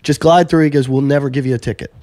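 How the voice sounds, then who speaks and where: Mellow-voiced podcast host telling stories. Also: male voice, mid-range voice, fairly even intonation, rapid-fire, no echo, clean studio sound. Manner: storytelling, acting out both sides of conversations. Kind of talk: casual chat.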